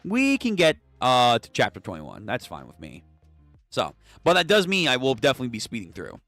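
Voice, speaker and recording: A young man hosting a casual comic read-through, excitable and swearing freely. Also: medium pitch, fairly quick, no echo, soft background music. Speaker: channel host.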